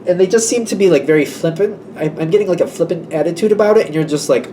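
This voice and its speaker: A man's voice: on the high side, fast talker, hardly any pauses, mellow, distant mic, a little hiss or hum. A man giving a casual, rambling tarot reading, acting out little exchanges between people as he talks. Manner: chatty, rambling, acts out quoted exchanges. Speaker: tarot reader.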